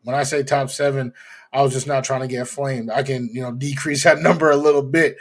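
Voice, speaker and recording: A young man hosting a sports podcast, talking casually in a relaxed way with lots of "you know" and "um". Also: mid-range voice, brisk. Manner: relaxed, hedging with many fillers. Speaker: podcast host.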